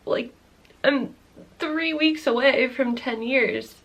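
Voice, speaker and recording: A woman's voice: high voice, takes it slowly, fairly bright tone. A woman in her thirties telling a personal story to camera in a rambling, candid way, full of "like"s, swearing and nervous laughs. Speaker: vlogger.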